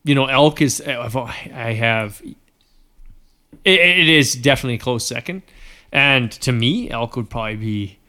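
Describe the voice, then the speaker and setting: A man's voice: medium pitch, animated, normal speed, sharp tone. A man from Alberta co-hosting a casual podcast, enthusiastic and full of slang.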